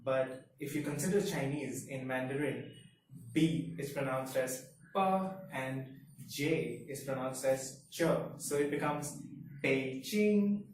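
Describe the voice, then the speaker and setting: A man whose first language is Hindi teaches a language lesson and explains each point step by step. He speaks slowly and deliberately at a mid pitch. His voice bounces around a very reverberant room, picked up from a distance with a faint hiss behind it. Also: flat delivery. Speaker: Mandarin teacher. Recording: very echoey room, mic far off, faint hiss.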